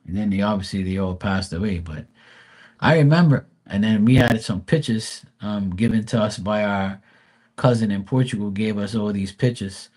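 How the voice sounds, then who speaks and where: A man's voice: fairly low pitch, normal speed, darkish tone. A man in his forties chatting casually on a live stream as a tarot reader, rambling and swearing in a laid-back way. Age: 40s.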